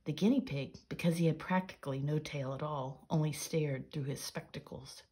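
A woman reading an old children's story aloud in a soft, breathy storytelling manner. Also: sits low, moderate pace.

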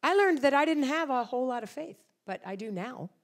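A woman's voice: sits high, a little fast. A middle-aged woman preaching a sermon, telling stories with lots of acted-out quotes. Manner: animated storytelling with acted-out quotes. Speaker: guest speaker.

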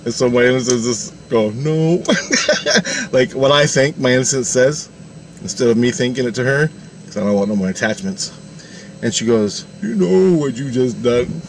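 A man's voice: medium pitch, moderate pace, long pauses, a little hiss or hum. A man rambling through a spiritual vision story, laughing often and acting out the dialogue.

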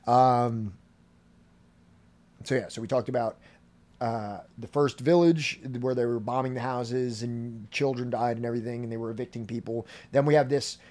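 Male podcast host, mid pitch, reads source text then riffs casually with "like" and "you know". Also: steady tone, normal speed, darkish tone. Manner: reads passages aloud then explains them loosely with fillers. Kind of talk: casual history podcast commentary.

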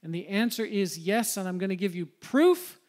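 A man's voice: sits high, lively intonation, moderate pace, darkish tone. A man, a pastor preaching a sermon to his congregation in a church, talking in a conversational way and putting questions to the listeners. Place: church sanctuary.

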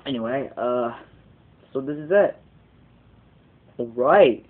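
Gravelly teenage boy on tinny webcam audio. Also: mid-range voice, measured pace, long pauses. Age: teens. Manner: rambling, digressive, casually profane. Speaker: vlogger. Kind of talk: casual video blog.

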